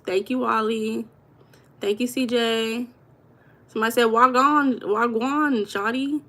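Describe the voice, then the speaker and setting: A woman's voice: a little high, fairly bright tone. A woman hosting a live stream, chatting casually and reading viewers' comments aloud with an affectionate manner. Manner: affectionate, calls viewers baby.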